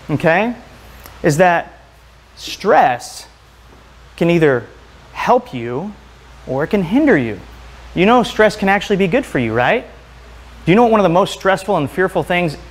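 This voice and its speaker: A man giving a motivational health talk to a live audience, firing question after question at the room. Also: fairly high pitch. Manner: energetic, asks the audience many questions. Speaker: health speaker.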